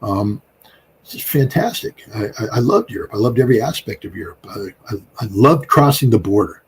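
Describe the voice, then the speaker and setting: A man's voice: fairly low pitch, sing-song, a little fast, slight background noise, rough recording. An American man in his sixties, speaking as an interview guest in a rambling, emphatic way with frequent fillers. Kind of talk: casual interview talk.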